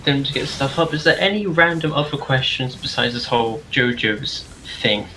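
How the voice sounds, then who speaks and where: A man's voice: mid-range voice, normal speed, sharp tone, a little hiss or hum, rough recording. Dry teasing young man. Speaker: podcast co-host. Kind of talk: casual chat.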